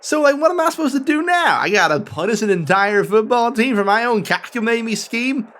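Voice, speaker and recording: A man's voice: extremely high pitch, animated, a little fast, a bit bright, pitched above the performer's own voice. A man voicing a pompous, scheming prison warden who rants crudely and in exasperation. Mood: exasperated.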